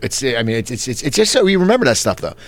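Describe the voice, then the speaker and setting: Fast-talking man hosting a chat. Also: mid-range voice, very animated, dry recording. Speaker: interview host. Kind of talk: casual chat.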